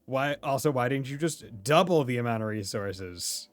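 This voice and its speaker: A man's voice: mid-range voice, animated, moderate pace. A young man hosting a game playthrough, joking around, laughing a lot and using casual slang. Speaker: let's play host. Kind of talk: gameplay commentary. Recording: dry close mic with faint game music.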